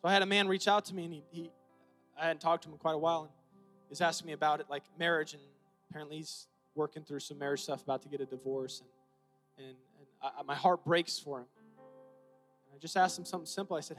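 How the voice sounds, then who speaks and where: A man preaching a sermon as pastor, swinging from shouted retellings to quiet, confiding asides. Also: a little high, fairly even intonation, quick pace, faint music behind.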